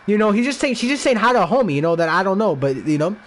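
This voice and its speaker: A young man from the Los Angeles area speaks very fast in a high, sing-song voice. He's a podcast guest in casual chat, telling a rambling, profane personal story packed with "like" and restarts.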